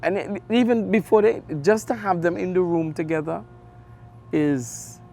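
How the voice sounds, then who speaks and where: A middle-aged man with an Antiguan accent, a radio sports host telling stories in an interview, animated with big jumps in his voice. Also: sits high, unhurried, creaky. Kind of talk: conversational interview storytelling.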